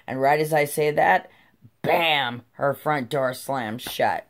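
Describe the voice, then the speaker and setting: A woman's voice: sits low, a little slow. A middle-aged woman telling a personal story to camera, blunt and swearing freely, laughing as she goes. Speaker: vlogger. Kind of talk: casual storytelling.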